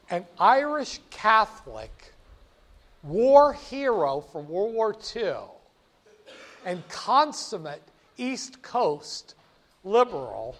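Animated older man with a high voice. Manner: animated, folksy, self-correcting. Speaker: storyteller. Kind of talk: casual historical storytelling.

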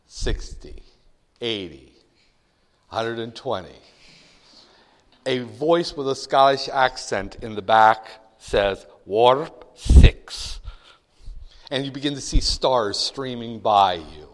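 A man giving a classroom lecture, telling animated, joking stories to make his point. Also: medium pitch, slow pace. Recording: long reverb of a lecture hall.

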